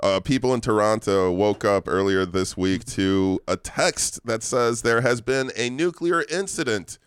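A man's voice: fairly low pitch, animated, measured pace, clean tone, no room sound, clean studio sound. A man co-hosting a casual podcast, rambling through the news with lots of fillers and restarts. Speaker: podcast co-host.

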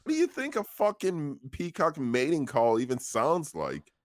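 A man's voice: a little high, sing-song, normal speed, dry recording, studio quality. A young man co-hosting a podcast, telling a story casually with lots of swearing, laughing and filler words. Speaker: podcast co-host. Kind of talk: casual crude podcast banter.

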